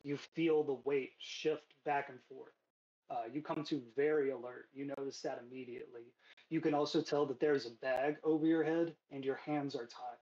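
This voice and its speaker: A man's voice: mid-range voice, fairly even intonation, moderate pace, a little mellow, dull audio. A man running a tabletop game as game master, casual and loose with many fillers.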